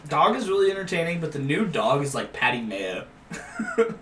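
A young man chatting casually with friends, swearing freely and breaking into laughter as he acts out quotes. His voice is bright, lively and fairly high. He sits back from the mic in an echoey room with faint background noise. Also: moderate pace. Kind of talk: casual chat. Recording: roomy echo, distant mic, faint noise.

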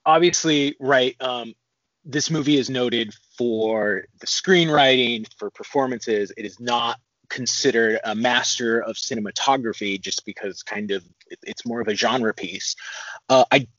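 A man's voice: mid-range voice, unhurried, a bit bright, dry recording, highs cut off. A young man co-hosting a casual film discussion podcast, thoughtful and analytical, with frequent ums. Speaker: podcast co-host.

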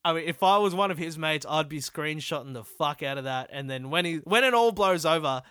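A man's voice: fairly high pitch, lively intonation, fairly quick, fairly bright tone, smooth, no echo, studio quality. A young Australian man hosting a solo comedy podcast, rambling and swearing as he mocks himself. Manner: rambling, sweary and self-deprecating. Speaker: podcast host.

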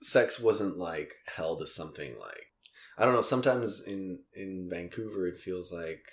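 A young man with a very low voice and a gravelly fry running through his words. He hosts a loose, casual chat, rambling along with plenty of fillers and false starts. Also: moderate pace. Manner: relaxed, rambling, frequent fillers and restarts. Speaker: podcast host. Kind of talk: casual conversation.

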